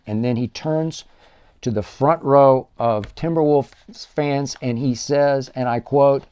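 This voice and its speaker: Emphatic older sports host, mellow tone. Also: male voice, mid-range voice, steady tone, measured pace, clear, resonant tone. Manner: emphatic, builds lists of punchy superlatives. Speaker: sports talk show host. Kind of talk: solo sports commentary monologue.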